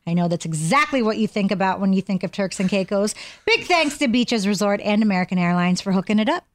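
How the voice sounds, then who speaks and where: A woman's voice: mid-range voice, animated, quick pace, dry recording. A woman co-hosting a radio show, teasing and dry-witted in casual banter. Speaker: radio co-host.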